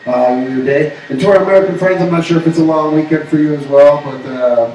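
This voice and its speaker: A man's voice: a little high, a little fast, distant mic, a little hiss or hum. Joking male co-host, echoey and off mic. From Canada. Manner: joking, animated, jumps into bits and shouts. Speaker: co-host of a pop culture radio show. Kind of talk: casual banter. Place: pub.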